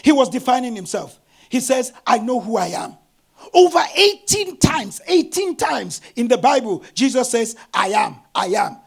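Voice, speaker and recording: Middle-aged male pastor, husky high voice, lively storytelling sermon. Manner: animated storytelling, bursts of shouting.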